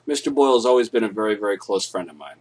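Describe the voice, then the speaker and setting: A young man with a husky, slightly breathy voice chats on a live stream in a laid-back way. He swears freely and turns loud and animated when he acts out his stories. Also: fairly low pitch, racing. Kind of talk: casual live-stream storytelling.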